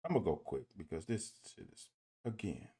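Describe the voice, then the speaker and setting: A man giving casual commentary on football game film. He talks to viewers directly and critiques the plays in an animated, exasperated way, with swearing. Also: sits low, brisk, breathy edge. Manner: addresses viewers directly as "y'all". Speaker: football film breakdown host.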